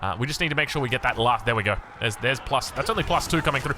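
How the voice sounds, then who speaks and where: A man's voice: mid-range voice, expressive, fast talker, over music. An Australian man casting a strategy game, chatty and self-mocking, drifting into rambling asides. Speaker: game caster. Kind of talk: casual game commentary.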